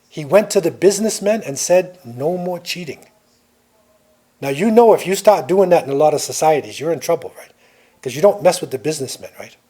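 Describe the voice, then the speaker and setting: An older man lecturing to a class in a loose, storytelling way. His voice sits a little high for a man, and he keeps checking in with his listeners as he talks. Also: darkish tone.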